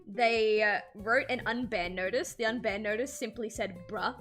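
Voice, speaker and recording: A woman artist chatting casually on a livestream while drawing, animated and swearing freely, with frequent laughs. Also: fairly high pitch, moderate pace, faint music behind. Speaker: streamer and artist.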